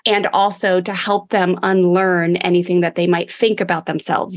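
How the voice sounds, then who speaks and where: A woman's voice: lowish voice, steady tone, moderate pace. A woman hosting a parenting podcast, talking casually and encouragingly as she sums up and reads out the episode's points. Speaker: podcast host.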